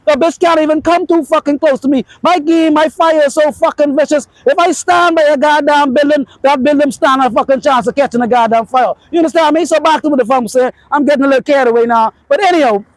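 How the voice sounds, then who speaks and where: A man's voice: extremely high pitch, quick pace, few pauses, dry recording, low-quality recording. A man ranting unscripted to camera with boastful, profane, emphatic dating advice.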